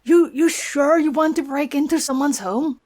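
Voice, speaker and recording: A woman's voice: high voice, moderate pace, a little mellow, pitched above the performer's own voice, lightly acted. Woman doing a cheeky slangy fairy sidekick. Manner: slangy, blunt, cocky. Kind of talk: reading game dialogue aloud.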